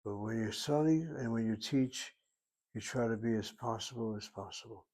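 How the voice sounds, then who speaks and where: A man teaching a language lesson, patiently explaining and repeating words slowly so learners catch the pronunciation. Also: fairly low pitch, a little mellow. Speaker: Hebrew teacher.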